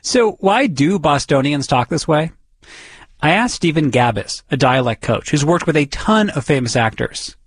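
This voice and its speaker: A man's voice: fairly high pitch, expressive, normal speed, slightly rough, no room sound, poor audio. A man reporting a radio feature and interviewing a guest in a curious, chatty way.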